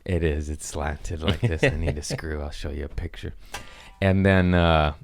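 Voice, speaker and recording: A man's voice: a bass voice, steady tone, normal speed. A man hosting a podcast, telling loose, rambling stories with swearing and laughs in a casual chat. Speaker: podcast host.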